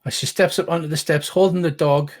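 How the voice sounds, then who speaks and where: A man's voice: fairly high pitch, steady tone, fairly quick. A middle-aged man narrating as game master, rambling with frequent restarts and casual swearing.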